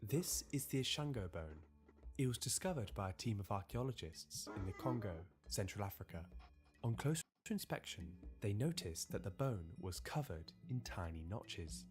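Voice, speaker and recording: A man giving measured, storytelling documentary narration. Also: lowish voice, sing-song, music in the background.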